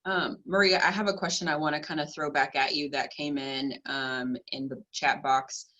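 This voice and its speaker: Low, bright-voiced woman moderator. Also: fairly even intonation, normal speed, muffled recording. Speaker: panel moderator. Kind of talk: panel discussion.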